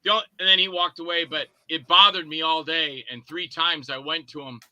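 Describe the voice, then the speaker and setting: A man's voice: on the high side, normal speed, no room sound, rough recording. A man, a guest filmmaker, telling stories in a casual interview and acting out the people he quotes. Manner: animated, acts out quoted lines with swearing.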